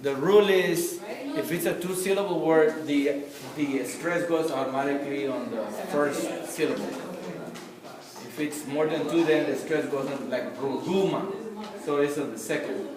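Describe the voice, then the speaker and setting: A man's voice: a little high, normal speed. A man in a class who repeats new words to practice them and explains a rule of stress. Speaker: student. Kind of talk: classroom exchange. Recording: echoey room, mic far off. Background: class chatter.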